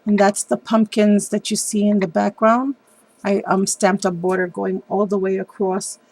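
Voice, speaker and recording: A woman hosting a craft video, chatting warmly and enthusiastically about how she made a card, with frequent ums. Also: medium pitch, flat delivery, moderate pace, dry recording. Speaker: papercraft video host. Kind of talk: casual craft show-and-tell.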